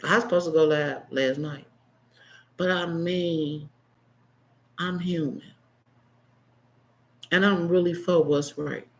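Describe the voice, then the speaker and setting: A man in his fifties speaks straight to camera in an unscripted monologue. His voice sits a bit higher than most men's. He is blunt and impassioned, flaring into heated outbursts, then dropping to hushed, choked-up asides. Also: steady tone, slow pace, vocal fry, pauses often, low-quality recording. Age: 50s. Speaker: vlogger.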